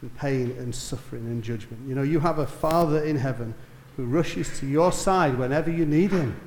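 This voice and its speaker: A man preaching a sermon, telling a story that swells to emphatic peaks and drops to soft, quiet lines. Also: medium pitch, normal speed, echoey room, slight background noise.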